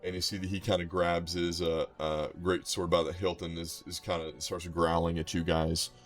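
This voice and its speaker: A man narrating a tabletop game as game master, loose and halting, with many restarts. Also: low-pitched, level tone, faint music behind.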